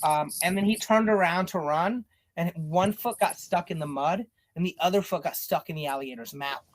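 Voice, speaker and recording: A young man from the South telling wild childhood stories in a casual, deadpan, nonchalant way, with frequent laughs. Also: a little high, moderate pace. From Southern US, North Carolina. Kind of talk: casual storytelling chat.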